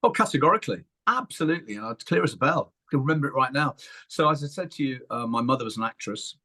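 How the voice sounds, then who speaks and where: An English man in middle age, a puppeteer and panto performer, chatting in an interview and telling lively anecdotes, acting out voices as he goes. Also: medium pitch, quick pace. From England. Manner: animated, acts out voices in his anecdotes. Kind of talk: casual interview storytelling.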